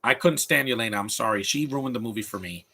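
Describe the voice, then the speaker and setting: A man's voice: mid-range voice, quick pace, vocal fry, pushed and bright, husky. A man giving live commentary over a film, opinionated and rambling, often restarting his sentences as he rants.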